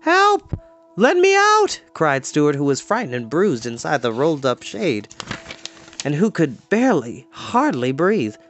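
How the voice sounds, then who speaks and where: Lively storybook reader. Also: medium pitch, moderate pace, soft background music. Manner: expressive, lively storybook reading. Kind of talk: children's book read-aloud.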